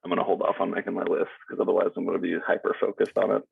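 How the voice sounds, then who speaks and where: Brief: deep husky male co-host, tinny phone-like sound, lively and jokey. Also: very fast, dry recording. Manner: laid-back, joking, laughs often. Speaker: podcast co-host. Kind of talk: casual chat.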